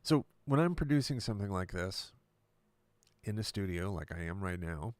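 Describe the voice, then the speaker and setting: A male musician and producer chatting casually on a live stream from his recording studio, relaxed and explanatory. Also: deep voice, normal speed, no room sound.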